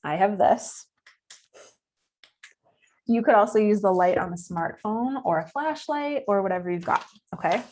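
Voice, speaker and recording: A woman's voice: mid-range voice, a little slow, pauses often, darkish tone. A young woman, a nature camp educator, giving a chatty, playful live-streamed science lesson for children from home, laughing at her own jokes.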